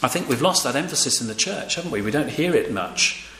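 An older man preaches a sermon in a relaxed, conversational way, often turning to his listeners with questions. His voice sits at a middle pitch. The room around him is echoey, with a faint hum of background ambience. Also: fast talker. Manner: conversational, with fillers and audience prompts.

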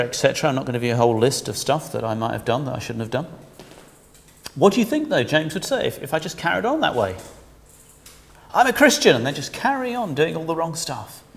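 A man delivers a sermon in a chatty, conversational way, tossing rhetorical questions at his listeners. His somewhat high voice swoops up and down with lively animation. Long reverb trails behind every phrase. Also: gravelly. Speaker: preacher.

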